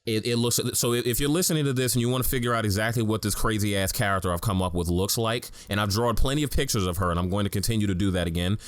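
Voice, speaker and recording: A man's voice: fairly low pitch, very fast, hardly any pauses, no echo, studio quality. A young man co-hosting a casual podcast, talking frankly in a rambling way and often correcting himself mid-sentence. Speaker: podcast co-host.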